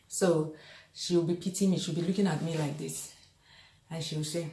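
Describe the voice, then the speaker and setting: A woman's voice: on the low side, steady tone, normal speed, darkish tone, reverberant. A middle-aged woman with a Nigerian accent, chatting and telling stories while she demonstrates her cooking, laughing often. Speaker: cooking vlogger. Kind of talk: casual cooking demonstration and storytelling. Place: home kitchen.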